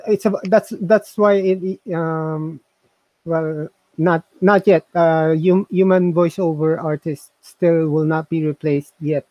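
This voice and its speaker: A man's voice: on the high side, steady tone, takes it slowly, no room sound, muffled recording. A man co-hosting a casual chat, talking in a hesitant, musing way full of fillers and restarts. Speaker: co-host reviewing voice software.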